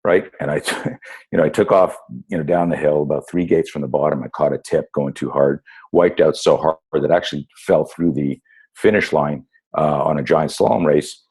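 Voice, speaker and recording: A man in his fifties with an extremely deep voice tells stories as a podcast guest. His voice is husky, and he talks in an animated way, full of fillers and restarts. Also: normal speed. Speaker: guest, self-defense instructor. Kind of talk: casual storytelling interview.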